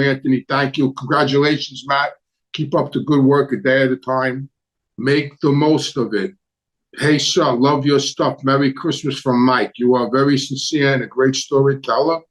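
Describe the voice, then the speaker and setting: A man's voice: mid-range voice, poor audio. Rambling New man telling stories. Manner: rambling, repeats words, blunt street talk. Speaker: host. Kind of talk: casual live-stream storytelling and Q&A. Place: home with a Christmas tree.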